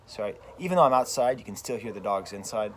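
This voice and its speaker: Outdoors, an American man who teaches French and hosts his own channel delivers an animated, emphatic opinion rant, repeating phrases often. His pitch is fairly low, he talks fast, and there's slight background noise.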